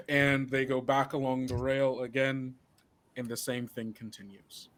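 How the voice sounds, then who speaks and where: A man narrating a tabletop game as game master, halting and full of filler words. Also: mid-range voice, level tone, no room sound.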